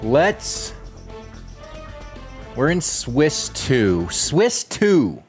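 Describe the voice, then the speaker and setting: An unhurried male streamer talks his viewers through a retro game session in a loose, rambling way. His pitch rises and falls freely, and he chuckles now and then as he chats. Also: huge pitch swings, faint music behind. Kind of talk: casual gameplay chat.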